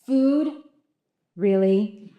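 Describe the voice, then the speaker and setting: A woman's voice: medium pitch, drawn-out words, lo-fi sound, slight background noise. A woman voicing an exasperated female poodle wife, tart and sarcastic, reading aloud at a live storytelling event.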